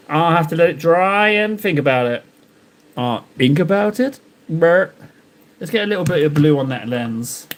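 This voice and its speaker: A man's voice: a little high, a little hiss or hum. A man hosting a live stream, chatting casually and joking to himself while he paints miniatures. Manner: rambling, jokey self-talk while painting. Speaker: livestream host painting miniatures.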